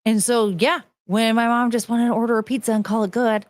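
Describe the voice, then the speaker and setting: A woman's voice: on the high side, fairly quick, dry recording. A woman in her thirties hosting a casual show, talking bluntly and a bit profanely while reading and answering chat. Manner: blunt, profane, animated, mocking voices in quotes. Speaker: streamer host reading chat.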